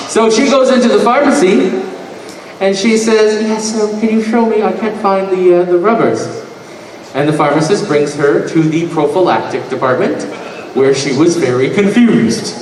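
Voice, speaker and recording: A man's voice: on the high side, darkish tone, a little hiss or hum. A man telling rambling stand-up stories on a convention panel, slipping into voices for the people in them. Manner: rambling anecdotes, mimics voices. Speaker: guest comedian telling stories. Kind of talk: stand-up storytelling. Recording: echoey hall from far off.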